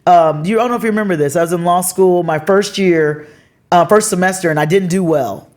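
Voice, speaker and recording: Animated woman host telling stories. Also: fairly quick. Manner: animated storytelling, expressive pitch swings. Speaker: podcast host. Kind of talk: casual heartfelt conversation.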